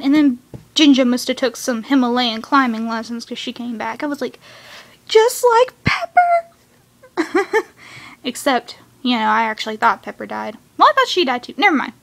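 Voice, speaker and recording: High-voiced gushing young woman fan rant. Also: fairly quick, vocal fry. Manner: gushing, rambling, acts out characters with sudden high cries. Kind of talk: excited fan rant about a cartoon episode.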